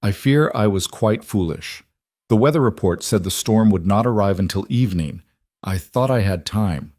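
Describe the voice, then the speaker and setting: Brief: man doing a gracious Italian matriarch in her seventies, formal and measured, low and dry. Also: animated, darkish tone, no room sound. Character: elderly dignified Italian grandmother, formal.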